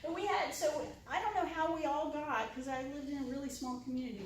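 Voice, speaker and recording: A woman leads an informal lunchtime discussion, chatty and full of "right?". She acts out the reactions of other people as she goes. Her slightly high voice is picked up from a distance in a very echoey room, with a faint hiss underneath. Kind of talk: informal talk to a live audience. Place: university room with audience.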